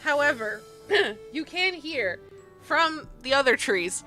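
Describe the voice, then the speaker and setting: Woman, game master, giggly narration, high voice, faint background music. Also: big pitch swings, takes it slowly, pushed and bright. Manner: giggly, laughs often while narrating.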